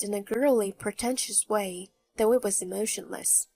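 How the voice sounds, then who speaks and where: A woman narrating her own story in the first person, with a mocking, even tone. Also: medium pitch, moderate pace. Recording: faint background music.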